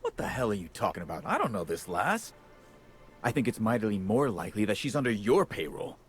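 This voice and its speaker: An actor playing a gruff, harried male orchard overseer in a video game, blunt and sardonic with folksy speech. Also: on the low side, big pitch swings, fairly quick, soft background music. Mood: angry.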